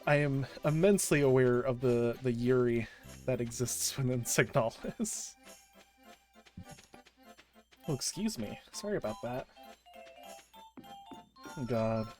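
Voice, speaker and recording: A woman streamer chatting casually on a livestream, gushing and excitable, often restarting her sentences. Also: extremely low pitch, slow, pauses often, faint music behind.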